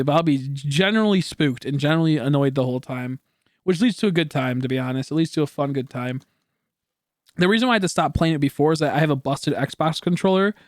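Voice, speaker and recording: Young man, casual streamer chat, rambling, self-correcting, slightly raised pitch, dry close sound. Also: no room sound. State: coughing now and then.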